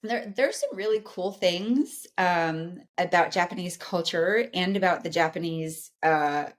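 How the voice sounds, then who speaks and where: Woman, 40s, psychologist guest, earnest, explanatory, lower pitch. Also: measured pace. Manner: earnest, explanatory, frequent "right?" tags. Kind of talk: casual interview chat.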